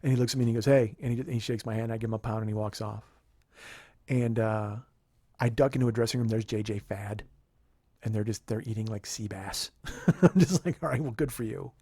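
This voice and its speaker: A podcast host telling a comedic story in an animated, profane, rambling way. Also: male voice, fairly low pitch, fairly quick, long pauses, breathy edge, no echo.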